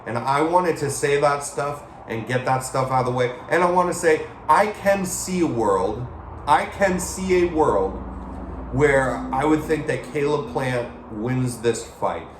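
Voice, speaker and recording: A man hosting a casual boxing chat, rambling and getting emotional and excited as he talks. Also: mid-range voice, measured pace, reverberant, a little hiss or hum. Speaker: boxing watch-along host. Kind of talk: casual live fight chat.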